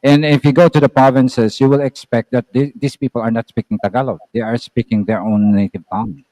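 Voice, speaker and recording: A Filipino man with a Filipino accent, chatting casually as a host on a video call and explaining things slowly with examples. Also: mid-range voice, steady tone, warm tone, no echo, rough recording. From Philippines. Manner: explains slowly, with repeated examples and filler sounds. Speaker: channel host.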